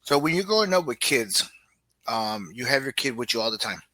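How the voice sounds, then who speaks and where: A middle-aged man co-hosts a casual podcast chat, telling stories animatedly and acting out things his kids say. He speaks a little fast at medium pitch, in a dry recording.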